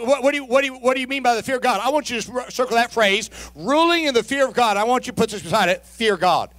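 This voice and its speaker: A middle-aged male pastor whose voice sits unusually high, preaching with real fire. He drops into quiet, wry asides and homespun jokes, then climbs into shouted exhortation, firing rhetorical questions at the congregation. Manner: folksy humor and repeated rhetorical questions. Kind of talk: sermon.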